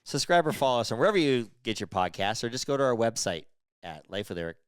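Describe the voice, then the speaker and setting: A man's voice: medium pitch, big pitch swings, quick pace, clean tone, dry recording, clean studio sound. A middle-aged man co-hosting a casual podcast chat, joking and a little tipsy, nursing a sore hip. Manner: joking, loose and tipsy-sounding. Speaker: podcast co-host.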